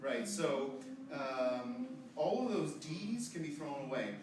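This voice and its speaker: A man directing a choir rehearsal, coaching the singers briskly and demonstrating phrases with his voice. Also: fairly high pitch, very animated, a little mellow, slight background noise. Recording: echoey room, distant mic, choir and piano.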